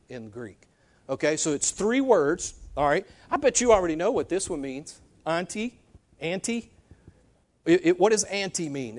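Male preacher, high voice, animated teaching sermon with frequent "okay?" check-ins.

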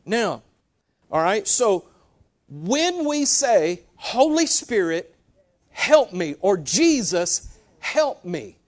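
Male preacher, high voice, animated teaching sermon with frequent "okay?" check-ins. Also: extremely slow.

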